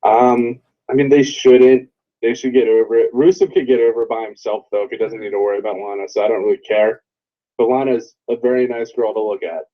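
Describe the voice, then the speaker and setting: Male co-host, average pitch, blunt and profane; slightly muffled recording. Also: fairly even intonation, fairly quick. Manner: blunt, heavy swearing. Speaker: podcast co-host. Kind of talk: casual wrestling podcast chat.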